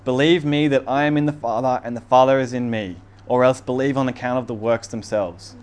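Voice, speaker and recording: A man's voice: mid-range voice, steady tone, fairly quick, a little mellow, clear, resonant tone. Man preaching in a casual, laughing way. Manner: laughs often, reads scripture aloud emphatically. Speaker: pastor. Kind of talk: casual sermon.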